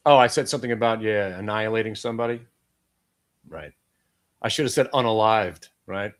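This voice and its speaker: A middle-aged Brooklyn man calls trades live on a stream. His voice sits at an everyday middle pitch, and his delivery is brash and profane, with wisecracking asides between calls. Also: expressive, moderate pace, pauses often. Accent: Brooklyn New York. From Brooklyn, New York. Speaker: day-trading show host. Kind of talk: live trading commentary.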